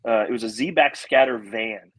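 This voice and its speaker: An American man and veteran hosting a podcast, animated and laughing, stumbling and swearing as he tells stories. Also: mid-range voice, normal speed, no echo, low-quality recording. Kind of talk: casual chat.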